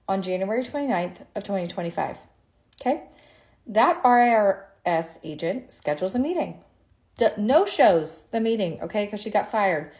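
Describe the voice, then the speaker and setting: A woman's voice: medium pitch, a little mellow. Exasperated woman tax attorney ranting. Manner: exasperated, sarcastic, emphatic. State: tired at the end of a long day. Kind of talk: ranting story monologue to camera.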